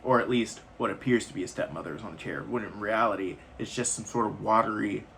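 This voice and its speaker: A man's voice: lowish voice, quick pace, gravelly, a bit bright, slight background noise. Casual man rambling through a movie recap. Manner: loose, rambling retelling with slangy asides. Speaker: movie reviewer.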